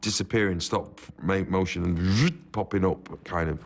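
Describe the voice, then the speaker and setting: A man reminisces in an interview, his talk nostalgic and rambling. His voice sits fairly low. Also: normal speed.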